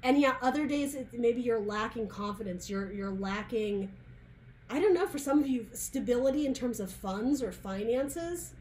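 A woman's voice: on the high side, expressive, moderate pace, darkish tone, slight background noise. A woman reading tarot cards in a chatty, searching way, full of restarts and asides. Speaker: tarot reader. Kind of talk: casual tarot reading monologue.

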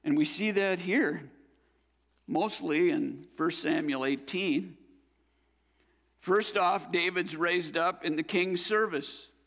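A man's voice: high voice, slow pace, fairly bright tone, in a large hall. A man preaching a sermon as pastor, earnest and building to fervent exhortation. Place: church sanctuary.

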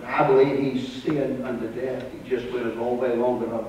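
Pastor preaching in a roomy church. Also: male voice, medium pitch, little pitch movement, normal speed, a little hiss or hum. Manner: swings between loud and soft, repeats words. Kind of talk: sermon. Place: church sanctuary. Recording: roomy live church recording from a distance.

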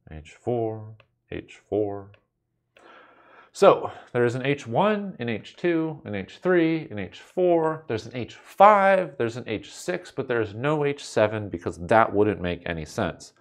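A man's voice: lowish voice, gravelly. Wry, playful male coding teacher. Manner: playful, wry, talks to the viewer with jokey asides. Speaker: instructor. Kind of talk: screencast coding lesson.

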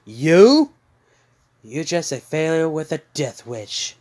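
A man's voice: fairly high pitch, sing-song, slow, a little mellow, heavily acted. A man voicing a scornful female villain in a fan story retelling, taunting and contemptuous.

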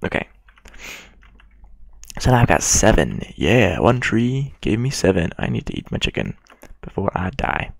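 Rambling low-voiced gamer guy. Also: big pitch swings, unhurried, gravelly, no echo. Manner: rambling and self-mocking, chatting to game characters. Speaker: gaming video creator. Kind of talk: casual gameplay commentary.

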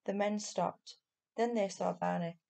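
A woman teacher reading a children's novel aloud at an even pace. Her voice carries a gravelly edge, and her storytelling stays steady and clear. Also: medium pitch, unhurried.

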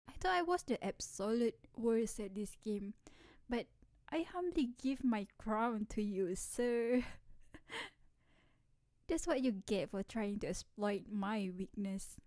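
Actress as playful tomboy best friend in ASMR role-play; mellow, unhurried, teasing. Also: female voice, fairly high pitch. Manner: teasing, playful, laughs often. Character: energetic teasing tomboy childhood best friend, young woman.

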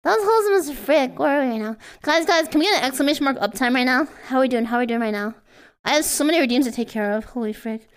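A woman's voice: sits high, lively intonation, fast talker. A woman streaming casually in a virtual world, playful and goofy, chatting to her viewers. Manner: playful, goofy, breaks into sung noises and silly bits.

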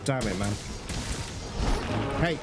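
A young man giving excitable live gameplay commentary as host, groaning, swearing and laughing at the game. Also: mid-range voice, takes it slowly. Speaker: gaming video host. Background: loud game music.

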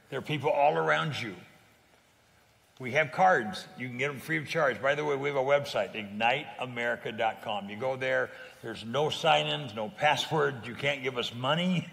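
Gravelly earnest man telling stories. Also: mid-range voice, fairly bright tone, big-room sound. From California. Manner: earnest, plain-spoken storytelling with frequent restarts. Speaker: guest evangelist. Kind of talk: casual interview chat.

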